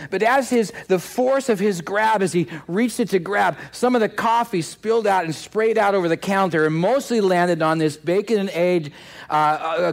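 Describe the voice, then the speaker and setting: A man giving a devotional message in the form of a story, reflective and pausing, with frequent restarts. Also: high voice. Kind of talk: sermon-style storytelling.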